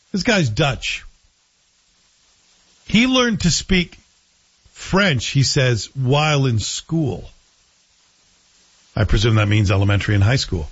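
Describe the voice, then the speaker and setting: A man hosting a radio talk show, giving animated, indignant commentary full of rhetorical questions. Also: medium pitch, husky. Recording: slightly dull radio broadcast audio.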